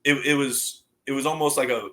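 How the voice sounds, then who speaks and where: A man in his thirties, a former college football player, telling loose, profane, animated stories in a casual interview and laughing along. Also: mid-range voice, brisk.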